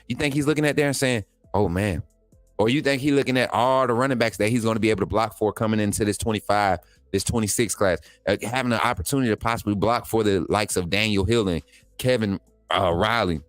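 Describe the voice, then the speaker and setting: An excitable man hosting a sports livestream, talking straight to his viewers and reading their chat. He repeats phrases and uses casual slang. The sound is dry and close, with faint music underneath. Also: lowish voice, no echo. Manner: excitable, hypes players, talks straight to viewers. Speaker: sports channel host.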